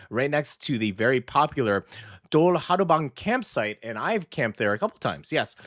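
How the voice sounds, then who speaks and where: An American man hosting a casual radio food segment, chatty and animated, often correcting himself mid-sentence. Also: medium pitch, no room sound, clean studio sound. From United States. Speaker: radio host. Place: radio studio.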